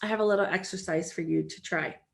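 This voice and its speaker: A woman's voice: fairly low pitch, quick pace, vocal fry. A woman in her forties, a life coach hosting a solo podcast, talking earnestly and encouragingly and acting out the voices in her head.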